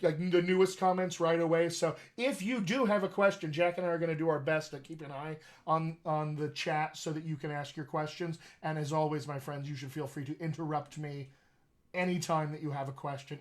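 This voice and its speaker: A man who is a dialect coach, hosting a casual, joking livestream over a video call. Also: on the high side. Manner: chatty, joking, upbeat. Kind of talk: casual livestream talk to viewers.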